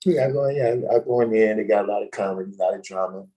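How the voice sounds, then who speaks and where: A man hosting a casual livestream chat, telling stories in an animated, slangy way and laughing often. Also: fairly low pitch, rapid-fire, low-quality recording. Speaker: host.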